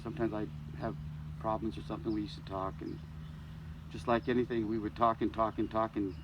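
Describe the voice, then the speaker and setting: A man's voice: fairly low pitch, flat delivery, fairly quick, lo-fi sound, background noise. An older man giving a eulogy for a close friend at a church service, telling folksy stories and acting out the dialogue with humor. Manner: folksy and joking, acts out dialogue. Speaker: eulogy speaker, friend of the deceased. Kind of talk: storytelling eulogy.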